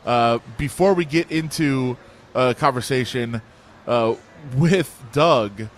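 A man's voice: medium pitch, takes it slowly, a little hiss or hum. A man hosting a casual sports talk show, easygoing and full of filler uhs as he sets up segments. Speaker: sports radio host.

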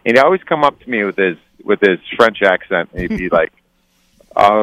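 A man's voice: on the low side, lively intonation, fairly quick, fairly bright tone, no room sound, rough recording. A man from Cleveland, a former hockey player telling stories in casual talk, rambling with lots of restarts. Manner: rambling, many restarts and fillers. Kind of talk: casual storytelling.

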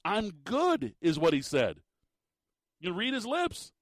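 A man's voice: fairly high pitch, wildly swooping pitch, a little slow, dry recording, studio quality. A man giving a ranting sports commentary, exasperated and emphatic, firing off rhetorical questions.

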